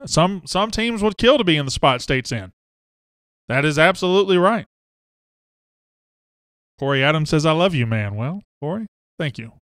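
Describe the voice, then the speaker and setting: A man's voice: fairly high pitch, animated, normal speed, pauses often, fairly bright tone, smooth, no echo, clean studio sound. A man, hosting a casual live sports talk show and greeting viewers by name and hometown. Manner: chatty, reads out viewer names and hometowns.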